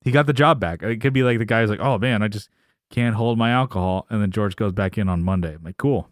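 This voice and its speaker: Brief: male podcast co-host, low voice, dry close mic, animated sitcom recap with quoted voices. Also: fast talker, dry recording. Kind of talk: casual chat recapping a sitcom episode.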